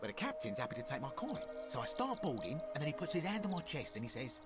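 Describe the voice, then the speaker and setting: An actor playing a greedy, scheming Roman merchant in a video game, telling tales with sly boastfulness. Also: male voice, mid-range voice, sing-song, fast, natural voice. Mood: boastful. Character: greedy scheming male Roman merchant, smooth con man. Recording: game audio with music behind.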